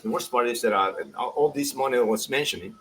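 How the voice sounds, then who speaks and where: A man, chatting casually as a soccer pundit, animated and laughing as he acts out quotes. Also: medium pitch, fast, a little hiss or hum, low-quality recording. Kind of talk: casual podcast chat.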